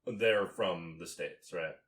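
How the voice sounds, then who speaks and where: A man's voice: sits low, takes it slowly, fairly bright tone. A man from Canada co-hosting a casual movie podcast, rambling with lots of fillers and swearing. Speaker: podcast co-host. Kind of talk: casual movie review chat.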